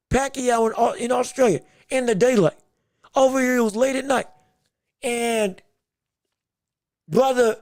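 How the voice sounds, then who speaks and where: In studio-quality audio with no echo, a man hosts a livestreamed boxing podcast and comments on the sport. His voice is extremely high and a little mellow. He speaks with emphasis and tends to repeat himself once he's fired up.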